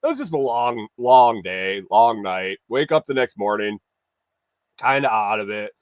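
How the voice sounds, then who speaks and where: A man's voice: on the low side, sing-song, a little slow, no echo. A man hosting a casual morning show, telling a long rambling story, often restarting and acting out what people said. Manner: rambling, swears, restarts and acts out quotes.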